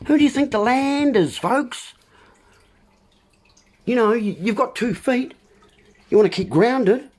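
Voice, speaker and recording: A livestream host delivers a rambling monologue, meandering through wordplay and calling his listeners folks. His voice is very high-pitched and a little mellow, with a measured pace and long pauses.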